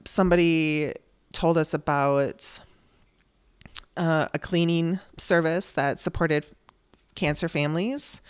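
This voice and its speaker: A woman's voice: deep voice, clean tone, dry recording. A woman hosting her own podcast, telling a personal story in a candid, conversational way and acting out the dialogue she quotes. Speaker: podcast host.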